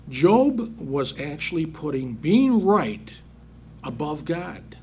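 A man's voice: fairly high pitch, big pitch swings, slow, a little mellow, a little hiss or hum. A man preaching a sermon, reading Bible verses aloud and then putting them into plain everyday words, calling his listeners brethren. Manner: reads verses then paraphrases in plain talk, addresses congregation as brethren.

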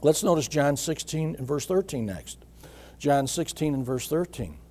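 Husky, mellow-voiced man preaching a sermon. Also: on the high side, lively intonation. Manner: measured preaching with repeated phrases and frequent throat clearing. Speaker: pastor.

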